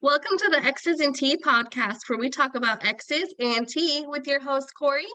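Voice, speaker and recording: A woman's voice: high voice, moderate pace, pushed and bright, slight background noise. A woman hosting a casual podcast, making dry quips. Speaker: podcast host.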